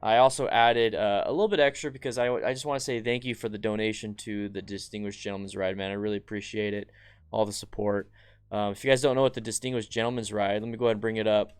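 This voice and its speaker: A man hosting a casual live stream, chatting and reading viewer comments aloud with bursts of excitement. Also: lowish voice, quick pace, clean tone. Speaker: motorcycle channel host.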